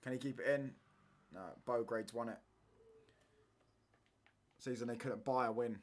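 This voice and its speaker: A man's voice: mid-range voice, fairly even intonation, measured pace. A young man, chatting casually through a football watchalong stream in slangy banter, ending lines with "mate" and "bro".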